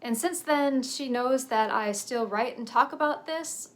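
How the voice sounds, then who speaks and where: A woman's voice: high-pitched, a little slow. Earnest woman telling a personal story. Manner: earnest and reflective, with nervous laughs. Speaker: author sharing a personal story.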